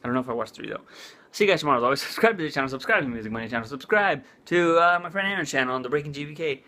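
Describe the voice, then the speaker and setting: A man's voice: a little high, lively intonation, rapid-fire, bright, forceful tone. A man vlogging in a casual chat, rambling with lots of "like" and "uh". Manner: rambling, full of "like" and "uh".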